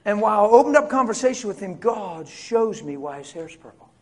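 A man preaching a storytelling sermon, swinging from loud excited bursts to hushed tones and laughing as he talks. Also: high voice, a little fast, a little hiss or hum.

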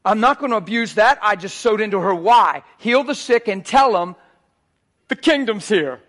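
A man with a high, bright voice preaches. He swings from hushed, intimate asides to fervent, ringing near shouts as he drives each point home. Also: normal speed. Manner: animated, rising to near shouts. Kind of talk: sermon.

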